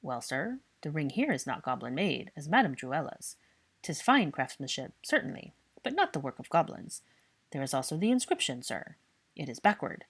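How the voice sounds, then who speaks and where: A woman voicing a fussy, servile old male house elf who croaks and talks in odd third-person grammar. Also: low voice, very animated, moderate pace, full character voice.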